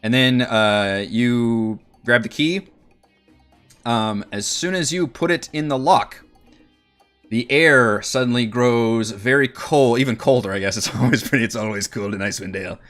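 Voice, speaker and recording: A man narrating as dungeon master in an online tabletop game, relaxed, with many fillers. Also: mid-range voice, unhurried, faint music behind.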